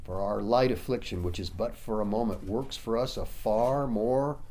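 A man preaching a sermon, reading scripture slowly and rising into emphatic bursts. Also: lowish voice, mellow. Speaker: pastor.

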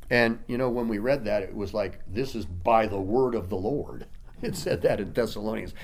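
A man preaching a sermon, reading scripture slowly and rising into emphatic bursts. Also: on the low side. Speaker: pastor.

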